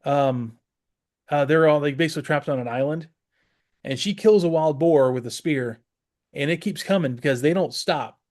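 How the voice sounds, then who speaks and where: A man's voice: on the high side, normal speed, darkish tone. A man from the Southeastern US co-hosting a casual podcast, rambling with many fillers and restarts. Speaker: podcast co-host. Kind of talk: casual chat.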